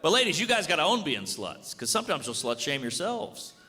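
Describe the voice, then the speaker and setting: A man doing a stand-up routine on a club stage, delivering blunt, deadpan jokes and acting out quick bits of dialogue. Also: fairly high pitch. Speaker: stand-up comedian. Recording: live club with audience noise and reverb. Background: laughing audience.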